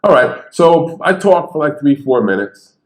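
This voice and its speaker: A man who stutters, telling stories on stage in a lively, conversational way and acting out the people he quotes. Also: on the high side, moderate pace. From Bridgeport, Connecticut. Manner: animated, conversational, acts out quotes. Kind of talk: storytelling talk. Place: theater stage. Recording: echoey theater.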